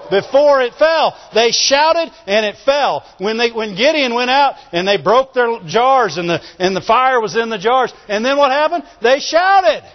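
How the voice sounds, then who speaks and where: A man preaching a sermon, calling for amens and often breaking into shouts. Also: extremely high pitch. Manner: call-and-response, often shouting. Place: church. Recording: reverberant church hall, dull lo-fi sound.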